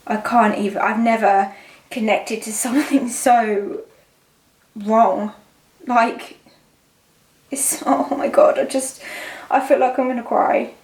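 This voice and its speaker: A young woman talks through a tarot reading in a fairly high voice. She is emotional and halting, trailing off and starting again. The room gives her voice a roomy echo. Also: a little mellow. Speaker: tarot reader. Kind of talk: channeled psychic tarot reading.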